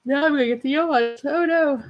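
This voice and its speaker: A woman's voice: sits high, a little fast, muffled recording. A woman hosting a casual craft livestream from home, chatting with viewers and reading their comments aloud. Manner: chatty, friendly, laughs easily, reads viewers' comments aloud. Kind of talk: casual chat with live viewers.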